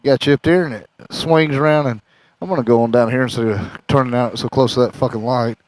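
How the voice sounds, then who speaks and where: Riding his motorcycle down the road, this vlogger chats and jokes, wandering from topic to topic. He speaks at medium pitch and a little fast, in a rough recording dominated by engine and traffic sounds.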